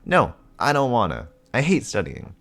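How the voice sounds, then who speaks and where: A man voicing an excitable little girl in a comic reading with voices, squealing high and childish. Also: normal speed. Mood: whiny.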